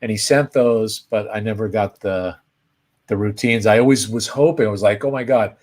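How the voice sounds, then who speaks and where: Animated male storyteller on a live Q&A. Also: on the low side, moderate pace. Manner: animated storyteller, acts out quoted voices. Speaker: co-host answering viewer questions. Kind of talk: casual live Q&A chat, storytelling.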